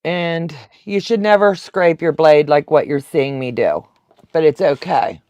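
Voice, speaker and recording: A woman's voice: deep voice, a little slow, a little mellow, no room sound, highs cut off. A woman, chatting and laughing as she teaches a quilting live stream. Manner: chatty, laughs often, talks to viewers. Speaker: quilting instructor. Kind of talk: casual live-stream tutorial.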